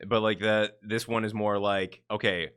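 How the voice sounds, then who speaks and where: A man with a very low voice co-hosts a casual music podcast. His tone comes through bright and crisp, and his talk is laid-back and hedging, full of fillers. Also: level tone, moderate pace. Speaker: podcast co-host. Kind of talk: casual chat about music.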